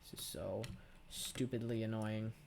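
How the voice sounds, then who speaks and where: A man's voice: lowish voice, fairly even intonation, a little slow, vocal fry, noisy background. A teenage boy giving casual, profane, rambling commentary over his own gameplay, full of sarcastic asides. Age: teens. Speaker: gaming channel host.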